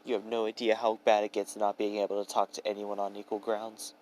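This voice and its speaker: A man voicing a playful, ancient male trickster god who teases and pouts in a breezy way. He speaks in a low voice. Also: monotone, brisk, darkish tone, a little hiss or hum, natural voice, poor audio. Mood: teasing. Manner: teasing, pouty and breezy.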